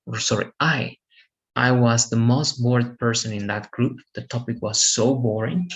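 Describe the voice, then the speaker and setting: Male English teacher, unhurried delivery, gravelly tone, patient step-by-step explaining. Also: mid-range voice, fairly bright tone, rough recording. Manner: slow, patient explaining with self-corrections. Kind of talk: online classroom lesson.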